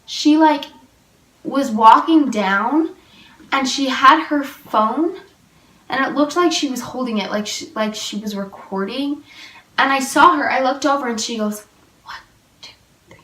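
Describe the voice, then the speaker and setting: A woman's voice: sits high, a little slow, fairly bright tone. A young woman telling a storytime vlog, rambling and packed with fillers. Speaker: vlogger. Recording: roomy and a little distant.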